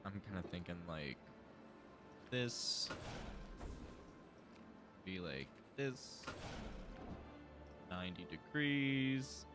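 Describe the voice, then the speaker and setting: A man's voice: deep voice, big pitch swings, drawn-out words, pauses often, music in the background. A young man streaming a building game, casually thinking aloud and mumbling to himself as he works. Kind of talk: casual live gameplay commentary.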